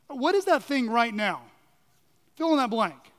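A man's voice: extremely high pitch, sing-song, unhurried, pauses often, a bit bright. A male pastor delivering an earnest, emphatic sermon full of rhetorical questions, recorded in a church sanctuary. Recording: long reverb of a large hall.

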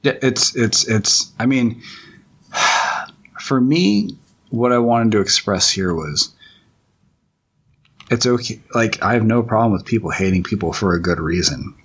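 Deep husky man talking comics. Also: animated, fairly bright tone, dull audio. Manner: rambling, halting, many restarts and fillers. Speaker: comic book writer. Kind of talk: commentary track, casual chat.

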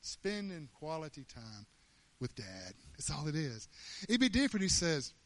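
A man preaching a sermon in an animated, emphatic way, often laughing as he talks. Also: fairly high pitch, normal speed.

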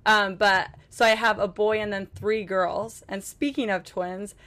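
A woman's voice: medium pitch, steady tone, a little slow, a bit bright. A young woman from Utah, a podcast guest telling stories in a chatty, laughing way on a cruise ship. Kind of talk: casual chat. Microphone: podcast microphone.

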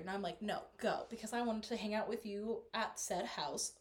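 A woman in her twenties co-hosting a podcast, telling candid stories in casual chat, laughing often and dropping quiet in serious moments. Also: mid-range voice, moderate pace. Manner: candid, laughing storyteller with sudden quiet drops. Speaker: podcast co-host.

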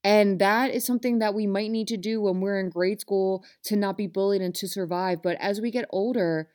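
Woman host, motivational talk, earnest and passionate, mid-pitched voice, addressing listeners directly. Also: steady tone, normal speed, darkish tone. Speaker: self-help podcast host.

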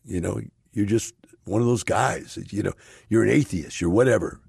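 A man's voice: on the low side, moderate pace, gravelly, darkish tone, husky, no echo, studio quality, pitched above the performer's own voice, heavily acted. A man doing a stubborn devout believer. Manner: fervent, insistent preaching.

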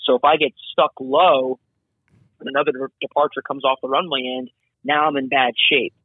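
A man working as an air traffic controller, talking casually and animatedly as an interview guest, explaining his job with quick asides, heard over a remote call. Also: mid-range voice, slightly rough, no echo. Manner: animated, chatty, acts out radio calls. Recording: tinny phone-like line.

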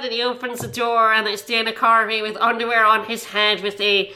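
A woman co-hosting a casual movie-review podcast, chatty and animated, often restarting her sentences. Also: a little high, a little fast, hardly any pauses. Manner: chatty, animated, self-interrupting. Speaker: podcast co-host.

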